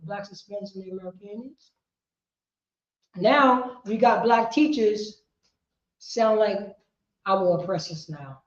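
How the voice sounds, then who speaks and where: A woman teaching a history class, lecturing emphatically, repeating herself and rising to shouts. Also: a little high. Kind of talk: street-preaching lecture. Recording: roomy, dull lo-fi sound.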